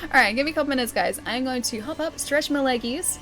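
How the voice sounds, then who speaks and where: A woman with an Australian accent livestreams a game, chatting casually with viewers, giggling often and reading chat aloud as she answers it. Her voice is high, fast and a bit bright, with soft music in the background.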